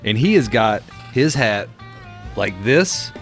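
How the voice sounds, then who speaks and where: A man's voice: mid-range voice, slow pace. A young man, a podcast co-host, telling a casual story full of fillers. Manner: animated storyteller, many fillers, acts out voices. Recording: faint guitar music behind.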